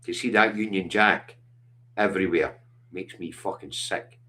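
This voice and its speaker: Unhurried and low-pitched, with a sharp tone, this middle-aged Scottish livestream host chats casually but bluntly and passionately, swearing a great deal.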